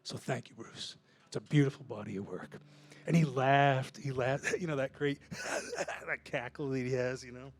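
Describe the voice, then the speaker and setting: A man's voice: medium pitch, normal speed. A man who is a singer-songwriter, telling a casual, self-deprecating story between songs on a small club stage, laughing often and swearing now and then. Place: small live music club, Houston. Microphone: stage vocal mic.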